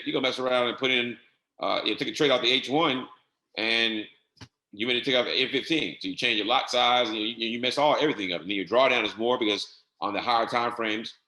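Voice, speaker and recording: A man walking viewers through trading software settings step by step in a casual, repetitive way. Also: medium pitch, fast, reverberant. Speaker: trading instructor. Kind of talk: screen-share software tutorial.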